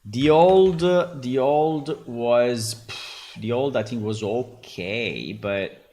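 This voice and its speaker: A man with an Italian accent talks slowly and loosely, circling back over his words as he reviews AI voices. His speech is unhurried and laid-back, with Italian as his first language. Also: mid-range voice, warm tone. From Italy. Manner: rambling, repeats words, laughs often. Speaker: game developer. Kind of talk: casual commentary on AI voices.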